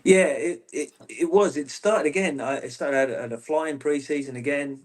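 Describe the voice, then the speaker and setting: A former footballer in an interview, telling long stories in a rambling, self-interrupting way. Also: male voice, a little high, normal speed. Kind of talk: casual interview chat.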